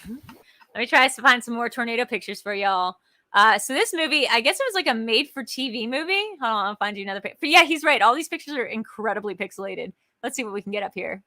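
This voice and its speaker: A woman co-hosting a casual chat over a video call, talking in an excitable, jokey and rambling way. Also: fairly high pitch, quick pace, no room sound. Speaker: co-host.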